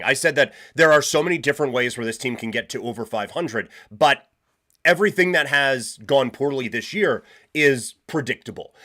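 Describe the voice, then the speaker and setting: A man's voice: on the high side, fairly bright tone. A man hosting a live sports talk stream, ranting emphatically with rhetorical questions and frequent restarts. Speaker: podcast host.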